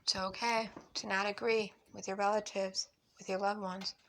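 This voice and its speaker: A woman's voice: mid-range voice, flat delivery, moderate pace, fairly bright tone, slight background noise. A woman talking casually while cooking at home, blunt and emphatic, cursing freely. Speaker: vlogger. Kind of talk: casual cooking vlog with opinionated talk. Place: home kitchen.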